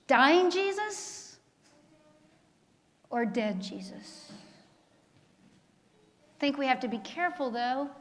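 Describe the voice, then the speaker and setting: A woman pastor delivers a sermon in a high voice, often pausing to ask the congregation questions. Her words come slow and deliberate. The sound carries a long reverb from the church sanctuary. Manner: preaching with call-and-response questions.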